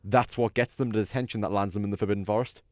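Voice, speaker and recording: A man's voice: fairly low pitch, steady tone, very fast, a little mellow, dry recording, clean studio sound. A man hosting a podcast, chatting casually and rambling, tired late at night. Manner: rambling, laughs often. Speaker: podcast host. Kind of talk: casual chat.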